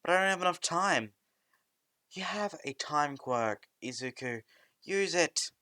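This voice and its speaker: A man's voice: fairly high pitch, animated, unhurried, bright, forceful tone, no echo, studio quality, pitched above the performer's own voice. A man voicing a nagging mother. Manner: nagging, exasperated. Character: fussing mother, middle-aged woman.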